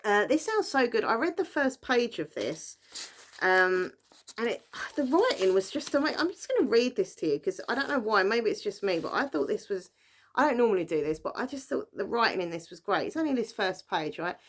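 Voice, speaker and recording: A woman's voice: medium pitch, very animated, a little fast. Young woman, casual vlog chatter, loose and rambling, everyday mid-range voice. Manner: chatty, rambling, lots of fillers and likes. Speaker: book vlogger. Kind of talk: casual book haul chat.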